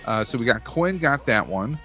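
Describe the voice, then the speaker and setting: A man of average pitch hosts a casual charity livestream, relaxed and joking and sometimes tripping over his words. He is from Western New York. Faint music plays under his voice. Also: moderate pace. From Western New York, USA. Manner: relaxed, joking, with some stammered restarts. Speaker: stream host running charity prize wheels.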